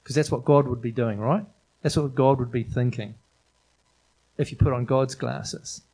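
A man's voice: mid-range voice, steady tone, moderate pace, darkish tone, husky, poor audio. A middle-aged man preaching an informal sermon in a chatty, enthusiastic way, often restarting his sentences. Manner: conversational, enthusiastic, frequent restarts and fillers.

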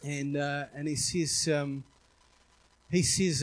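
Husky New Zealand pastor telling a story. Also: male voice, fairly high pitch, fairly even intonation, slow pace. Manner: candid rambling storytelling, many fillers. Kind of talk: sermon anecdote.

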